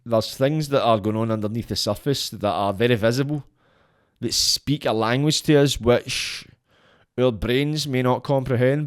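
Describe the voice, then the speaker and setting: A man talks in a blunt, sweary, preachy way as a podcast guest. His voice sits at an ordinary middle pitch. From Scotland. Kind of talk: rambling motivational monologue.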